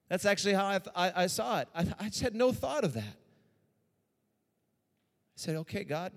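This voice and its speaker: A man preaching a sermon as pastor, moving between hushed personal tones and raised, urgent exhortation. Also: high voice, sing-song, normal speed, long pauses, big-room sound.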